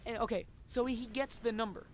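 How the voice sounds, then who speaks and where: A casual storyteller rambles through a story time over gameplay, leaning on constant fillers and dropping the odd swear word. The voice sits at a middling pitch, with a faint hiss of noise underneath. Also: steady tone, quick pace.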